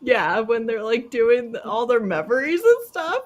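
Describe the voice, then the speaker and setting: A woman's voice: fairly high pitch, unhurried, muffled recording. A woman hosting a casual live video chat who tells stories with lots of laughter and acts out what people said. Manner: animated storyteller, acting out quotes, laughing often. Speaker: host. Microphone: video call.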